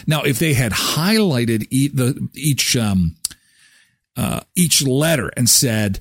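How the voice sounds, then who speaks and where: A man's voice: medium pitch, very animated, slow pace, pauses often, breathy edge, dry recording, studio quality. A middle-aged man hosting a live daily show, chatting casually in a jokey, self-deprecating way. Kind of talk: casual chat.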